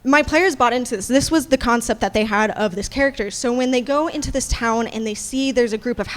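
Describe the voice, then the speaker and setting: Animated, high-voiced woman panelist. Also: brisk. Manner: animated, casual, swears freely. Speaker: dungeon master and panelist. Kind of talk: convention panel talk.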